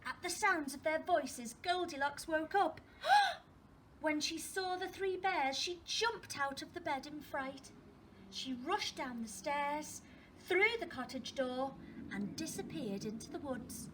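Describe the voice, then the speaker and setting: A woman teacher reading a storybook to young children, expressive and asking them questions as she goes. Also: sits high, unhurried, a little hiss or hum. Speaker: primary school teacher.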